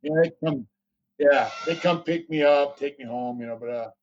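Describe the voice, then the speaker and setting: A man's voice: a little high, moderate pace, muffled recording, a little hiss or hum. Rambling, profane man telling stories. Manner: rambling, profane, many fillers. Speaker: interview guest. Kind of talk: casual storytelling.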